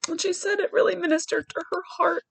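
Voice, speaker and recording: A woman with a high voice tells a personal story on her podcast. She speaks earnestly and from the heart, often restarting her sentences. The sound is close and dry, with no room around it. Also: steady tone, fast, creaky, dry recording, low-quality recording. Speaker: podcast host.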